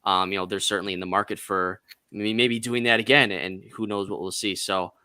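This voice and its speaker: A man speaking as a guest on a football chat stream, measured and leaning often on "you know". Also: lowish voice, steady tone, sharp tone, clean tone, no room sound, clean studio sound.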